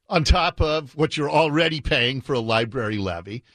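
A man's voice: animated, normal speed, pushed and bright, no room sound, studio quality. Sarcastic male radio host. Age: 50s. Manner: sarcastic, mocking, swings in pitch. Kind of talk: talk radio commentary.

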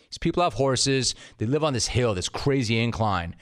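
A middle-aged man hosts a sports radio show, ranting loudly and spinning stories with acted quotes. His voice sits at an ordinary male pitch. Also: animated, normal speed, few pauses. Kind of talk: animated sports radio monologue and interview.

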